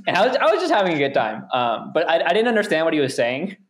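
A man's voice: a little high, slight background noise. A young man, a runner guest, telling rambling stories in casual chat and laughing often.

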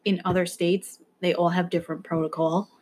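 A woman's voice: on the low side, little pitch movement, fairly quick, a little mellow. Anxious rambling young woman. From New York area. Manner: anxious, rambling, swears casually. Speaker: podcast co-host. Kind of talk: casual chat.

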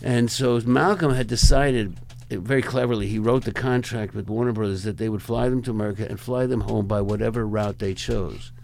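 A man's voice: on the low side, steady tone, fairly quick, vocal fry, few pauses, darkish tone, slight background noise. An older man, a rock photographer, telling long, rambling stories as a guest in a conversation and chuckling between them. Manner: rambling, chuckling, acts out other people's lines. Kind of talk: anecdotal storytelling in a conversation.

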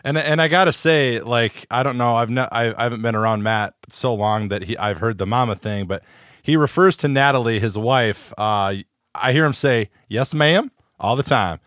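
A man's voice: mid-range voice, normal speed, fairly bright tone, no room sound, studio quality. A man hosting a podcast, asking questions in a chatty, enthusiastic way with casual swearing. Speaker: podcast host. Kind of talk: casual interview chat.

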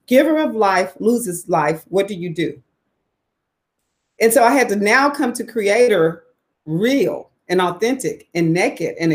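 A woman in her forties from the South, telling her personal story in a candid, expressive way, swearing freely and letting her voice climb high for emphasis. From Southern United States. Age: 40s.

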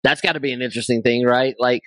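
A man's voice: mid-range voice, steady tone, quick pace, no echo. A man co-hosting a podcast, musing and rambling in casual chat. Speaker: podcast co-host.

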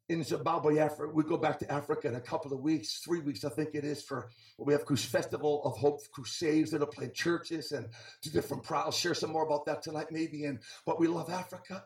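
A man's voice: a little high, fairly even intonation, brisk. A middle-aged man from New England preaching a sermon as an evangelist, telling a story and often repeating his words as he goes. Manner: storytelling, rising and falling in intensity, repeats words. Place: church. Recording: roomy church sound, mic at a distance.

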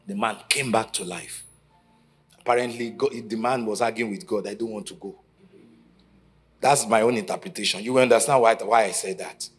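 A man preaching a sermon at a conference, telling stories and acting out the quotes, from shouting to near whispers. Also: mid-range voice. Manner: dramatic storytelling, acting out quotes, swinging from shouts to hushed lines. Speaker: pastor. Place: conference stage.

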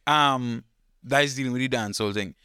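A man, chatting casually as a podcast co-host, rambling and thinking aloud in a relaxed way. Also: mid-range voice, a little fast, smooth, no echo, clean studio sound. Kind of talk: casual chat.

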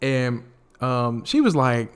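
A man's voice: medium pitch, slow, smooth. A man hosting a solo podcast in casual, profane chat, laughing often and slipping into impressions of celebrities as he tells stories. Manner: animated, laughing, profane, mimics celebrities mid-story. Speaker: podcast host. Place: home recording space.

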